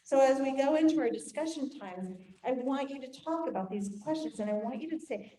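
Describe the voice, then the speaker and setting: An older woman teaching a group, telling a family story in an animated way and acting out voices. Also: high-pitched, fairly quick. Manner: animated, acts out quoted voices. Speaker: Bible study teacher. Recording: echoey room, faint noise.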